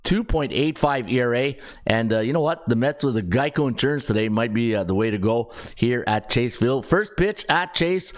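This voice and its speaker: A man's voice: medium pitch, animated, moderate pace, hardly any pauses. Middle-aged male podcast host, casual betting talk, stat-heavy delivery, mid-range voice. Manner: conversational, rattles off stats with fillers. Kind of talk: casual sports betting analysis.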